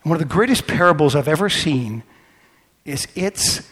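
A male pastor preaching a sermon, telling stories animatedly and swinging from quiet asides to loud outbursts. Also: fairly high pitch, lively intonation, normal speed, slightly rough, big-room sound.

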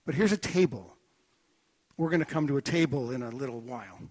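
A man preaching a sermon in a church, telling stories in an animated, joking way. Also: mid-range voice, brisk. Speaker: pastor. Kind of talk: sermon with anecdotes.

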